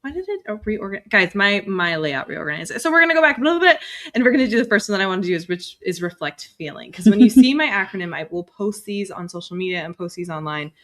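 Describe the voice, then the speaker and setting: A woman therapist and mother explaining communication skills in a relaxed, chatty podcast conversation. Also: medium pitch, quick pace. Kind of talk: casual podcast chat.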